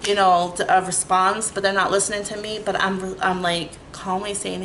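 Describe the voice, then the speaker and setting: A woman telling a story in a casual, animated rant, full of 'like' fillers and frequent swearing. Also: medium pitch, moderate pace, a little hiss or hum, rough recording.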